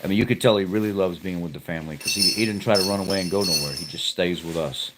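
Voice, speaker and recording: A man's voice: low-pitched, fast talker, heavy background noise. A man hosting a livestream from home, telling a rambling, heartfelt story to his viewers in a casual, folksy way. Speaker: livestream host. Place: at home with pets nearby.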